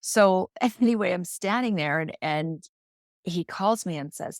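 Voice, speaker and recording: Woman, low voice, dry close sound; podcast guest telling her story, earnest and heartfelt, restarts a lot. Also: measured pace, dry recording. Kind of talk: casual personal storytelling.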